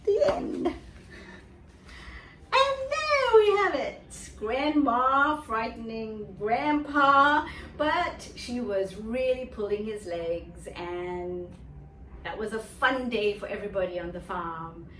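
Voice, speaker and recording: High, lively woman teaching kids drama. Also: slow, slight background noise. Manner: animated, sing-song, makes animal noises. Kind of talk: children's drama lesson. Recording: echoey room, mic at a distance.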